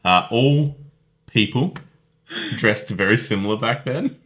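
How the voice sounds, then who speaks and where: A man's voice: fairly low pitch, animated, measured pace, a bit bright. A man co-hosting a casual film review podcast, chatty and self-deprecating, laughing often. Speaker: podcast co-host.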